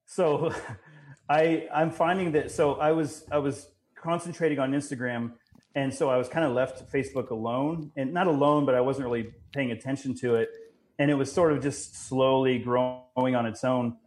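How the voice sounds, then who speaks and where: A young man and father, a podcast guest, talking casually in halting sentences. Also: mid-range voice, fairly even intonation, a little mellow. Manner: halting, full of fillers and restarts.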